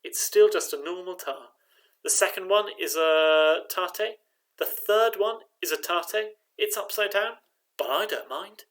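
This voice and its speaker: Slow, patient man teaching rhythm. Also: high-pitched, a bit bright. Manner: patient, clapping out rhythms with drawn-out syllables. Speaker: choir director.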